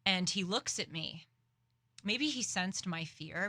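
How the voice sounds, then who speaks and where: A young woman hosting a commentary show, telling a story in an animated, dramatic, self-aware way. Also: medium pitch, a little slow, no echo, clean studio sound. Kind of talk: casual political commentary.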